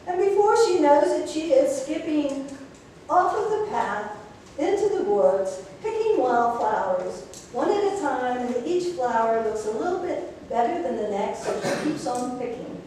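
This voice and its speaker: A woman's voice: high voice, sing-song, a little slow, mellow, a little hiss or hum. A woman minister telling a fairy tale in a sermon, playful and chatty with the congregation. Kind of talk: storytelling sermon. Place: church sanctuary. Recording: echoey hall from far off.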